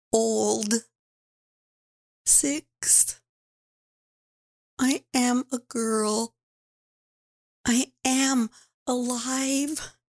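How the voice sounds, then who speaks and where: A woman speaking as a frightened six-year-old girl taken from home, halting and pleading, at times whispering. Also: fairly high pitch, a little mellow.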